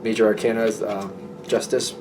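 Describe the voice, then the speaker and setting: A man's voice: fairly low pitch, little pitch movement, brisk, a little mellow, a little hiss or hum. A man giving a casual, rambling tarot reading who acts out imagined conversations as he goes. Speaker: tarot reader.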